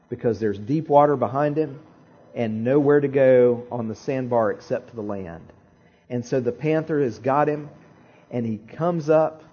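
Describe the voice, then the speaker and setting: A man preaching a sermon, telling a story in an animated way with dramatic pauses and repeated phrases. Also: medium pitch, husky, dull audio. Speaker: pastor.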